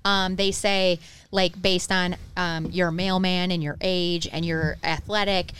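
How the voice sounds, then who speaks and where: A woman's voice: on the low side, fairly even intonation, slow, a bit bright, slight background noise. A woman in casual chat, chiming in to explain and fill in details. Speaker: guest's partner.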